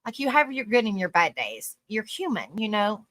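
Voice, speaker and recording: A woman talks to her live-stream audience in a loose, heartfelt ramble, leaning on "you know" between thoughts. Her voice is bright and forward. The sound is dry and close, with no room around it. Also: medium pitch, big pitch swings, normal speed, dry recording. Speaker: live-stream panel host. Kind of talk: casual live-stream talk.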